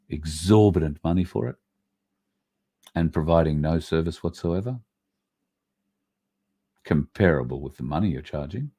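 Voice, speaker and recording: A man hosting a livestream, ranting bluntly with swearing and reading out viewer comments. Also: very deep voice. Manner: blunt, swearing, ranting with sudden loud bursts. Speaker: livestream host.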